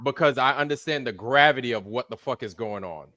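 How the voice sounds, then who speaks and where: A man's voice: medium pitch, a little fast, pushed and bright, no room sound. A man in casual online chat, heated and swearing constantly as he vents. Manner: heated, profane, ranting.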